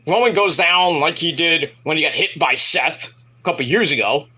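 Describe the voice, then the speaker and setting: A man casually reviewing a wrestling event in a rambling, animated retelling with asides. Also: a little high, normal speed, slightly rough.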